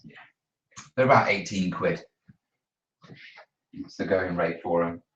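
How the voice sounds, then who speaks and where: A man's voice: low-pitched, slow, fairly bright tone. A man, hosting a live hobby stream, chatting easily to viewers while he works. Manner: chatty, easygoing, talks to viewers while working. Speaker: terrain-building channel host. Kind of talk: casual chat during a live studio stream. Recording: roomy, distant, dull mic.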